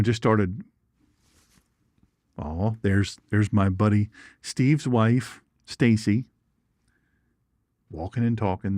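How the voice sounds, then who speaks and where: A man's voice: on the low side, dry recording, studio quality. A man hosting an informal Bible teaching show, folksy and chatty, with jokes and asides. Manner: folksy and animated, asides and jokes, reads viewer comments.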